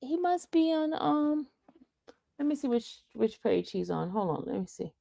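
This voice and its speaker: Gravelly-voiced New woman streamer. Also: sits high, big pitch swings, moderate pace, mellow, no echo, clean studio sound. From New York. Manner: taunting, reading chat comments aloud. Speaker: livestream host. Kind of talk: casual livestream chat.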